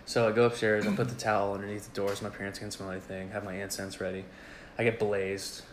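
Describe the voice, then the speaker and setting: A man's voice: on the low side, fast, slight background noise. A young man in casual chat, telling a crude story full of swearing and laughter. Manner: profane, animated, laughing storyteller.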